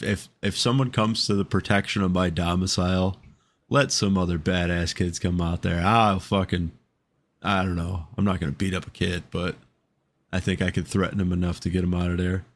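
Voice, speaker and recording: A man co-hosts a podcast, chatting casually, swearing heavily and laughing often. His voice is low, with a steady tone and a moderate pace.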